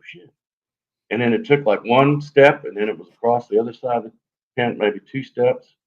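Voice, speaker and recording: A man telling a story on a live show in a lively, animated way, acting out sounds as he goes. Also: medium pitch, muffled recording. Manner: animated, lively retelling with fillers and sound effects. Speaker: guest telling an encounter story.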